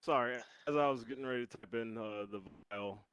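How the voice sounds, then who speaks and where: A man's voice: mid-range voice, brisk, a bit bright, smooth, no echo, poor audio. A man on a headset playing a tabletop game, rambling and self-mocking. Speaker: player. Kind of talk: casual game chat.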